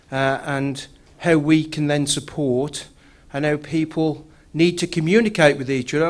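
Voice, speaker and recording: A man from Bilston with a Black Country accent, giving an earnest, self-deprecating councillor's speech at a conference. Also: on the high side. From Bilston, West Midlands England. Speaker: councillor speaker. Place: conference room.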